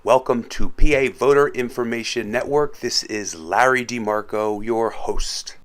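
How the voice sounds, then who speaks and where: A man hosting a scripted presentation, with a measured, formal delivery. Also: medium pitch, faint music behind. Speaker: host.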